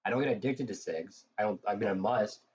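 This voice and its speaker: A man's voice: fairly low pitch, fairly quick, darkish tone. A man streaming live, chatting casually and profanely. He is tired and has a cold, and rambles with many fillers. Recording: dull lo-fi mic with faint noise.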